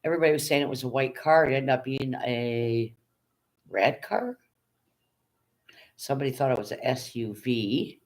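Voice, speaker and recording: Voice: medium pitch, animated, moderate pace, long pauses. A live streamer chats casually with viewers, blunt and often profane. The delivery is loose and conversational, and the streamer keeps checking in with the chat. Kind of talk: casual livestream commentary.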